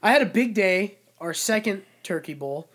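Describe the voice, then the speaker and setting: A man's voice: sits high, normal speed. A young man, a podcast co-host, telling stories in casual, profane chat. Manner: profane, animated storyteller.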